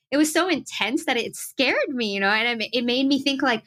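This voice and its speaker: A woman's voice: a little high, normal speed. Chatty young woman telling stories. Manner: animated, acts out quotes, laughs often. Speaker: singer-songwriter guest. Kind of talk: casual interview storytelling.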